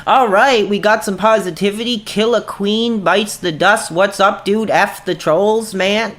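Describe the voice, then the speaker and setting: A man's voice: high voice, fairly even intonation, fairly bright tone. Irritable man in his thirties streaming. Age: 30s. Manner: irritable, quick to anger, says "dude" constantly. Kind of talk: casual gaming livestream chat.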